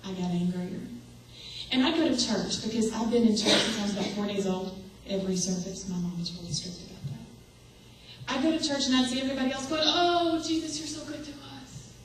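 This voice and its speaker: A woman's voice: mid-range voice, a little fast. A young woman preaches with earnest conviction and puts questions straight to the people in front of her. Her voice comes from some distance off the mic and carries a strong echo, as in a large hall. Faint room noise sits under it. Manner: earnest, asks the audience direct questions. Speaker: speaker. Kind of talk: sermon. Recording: echoey hall, voice from far off.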